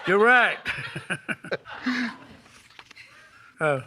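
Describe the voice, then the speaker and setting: A man's voice: high-pitched, lively intonation, drawn-out words. A man appearing as a talk show guest, reading jokes in a folksy way and laughing at them. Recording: noisy background.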